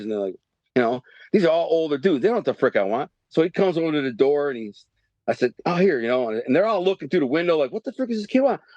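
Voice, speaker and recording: A man in his fifties from the Detroit area, telling a story as a podcast guest in animated, profane street slang. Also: mid-range voice, dry recording, highs cut off. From Detroit area, Michigan. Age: 50s. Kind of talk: storytelling interview.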